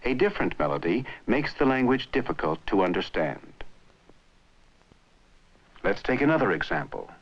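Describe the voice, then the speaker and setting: Brief: male narrator, low, animated delivery, muffled old film sound. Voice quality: clear, measured explaining. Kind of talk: scripted educational narration.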